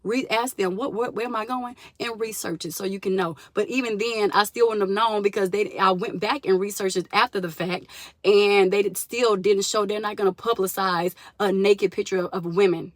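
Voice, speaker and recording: A young woman telling a story to her viewers in a casual, animated vlog, addressing them as y'all. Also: medium pitch, normal speed, no room sound. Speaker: vlogger.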